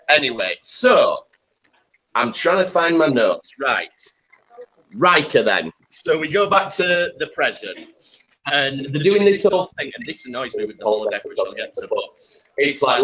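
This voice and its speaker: A man co-hosting a live podcast in a pub, chatting loosely, laughing and swearing, often slipping into quick mimicry of characters. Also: mid-range voice, lively intonation, bright, forceful tone, low-quality recording. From Britain. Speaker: podcast co-host. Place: crowded pub, live show. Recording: live pub recording with crowd noise. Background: pub crowd chatter.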